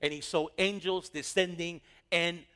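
Man, pastor, sermon, high voice, animated, acts out dialogue. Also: measured pace, smooth.

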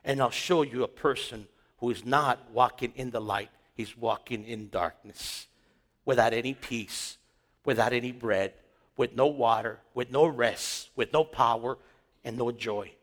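A man preaching a sermon as a pastor, emphatic, repeating phrases and swinging between loud rises and quiet drops. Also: medium pitch, a little slow, in a large hall.

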